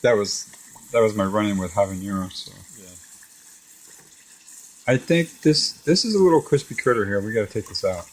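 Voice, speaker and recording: A middle-aged man with a lowish voice chats casually with his son while they cook beside a deep fryer in their home kitchen, speaking at normal speed with long pauses. He's an animated storyteller who laughs a lot, and a slight hiss or hum sits under the recording.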